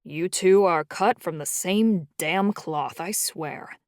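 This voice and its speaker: A woman voicing a booming, playful middle-aged male dragon-shifter uncle who teases and scolds. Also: slow pace, a little mellow, no echo, clean studio sound. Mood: scolding. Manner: teasing, scolding.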